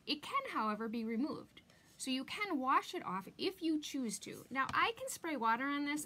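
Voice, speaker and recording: A bright, upbeat woman talks through a live craft demo from her craft room in a chatty, bubbly way. She stretches out words for emphasis, and a faint hum sits behind her voice. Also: sits high, big pitch swings, normal speed. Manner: bubbly and chatty, greeting viewers by name. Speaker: craft demonstrator hosting a live stream.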